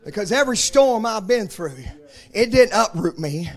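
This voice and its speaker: A man in his fifties preaching with fervor, his voice sitting unusually high for a man. He builds his sermon on emphatic, repeated refrains. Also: expressive, normal speed. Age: 50s. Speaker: pastor.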